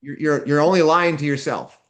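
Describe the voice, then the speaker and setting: A man's voice: a little high, a little fast, faint music behind. A man teaching a live seminar, blunt and direct, tossing questions at the class and answering them himself. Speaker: seminar instructor.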